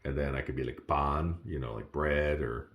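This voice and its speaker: A man casually walking through his beginner study notes, who laughs often and jumps up in pitch on exclamations. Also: steady tone, moderate pace. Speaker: language learner sharing study notes. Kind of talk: casual self-recorded lesson.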